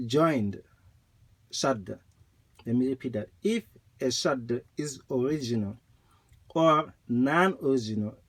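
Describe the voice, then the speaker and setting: A man teaches the rules of Quran recitation, explaining slowly, repeating points, and reciting examples. His voice is mid-range with a breathy edge.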